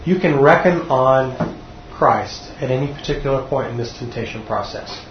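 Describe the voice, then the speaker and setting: Recorded in a dull, echoey room with slight background noise, a man with a medium-pitched voice speaks at normal speed. He's a teacher at a church class, earnestly teaching a sermon to a group and frequently repeating words when he restarts.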